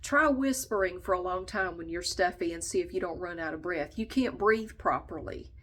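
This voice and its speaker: A woman with a stuffed-up, nasal voice talks casually to her viewers, a little low in pitch. She vents bluntly and swears without a second thought, pausing now and then because she is short of breath. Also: a bit bright. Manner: blunt, venting, swears freely. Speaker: vlogger. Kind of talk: casual chat to camera.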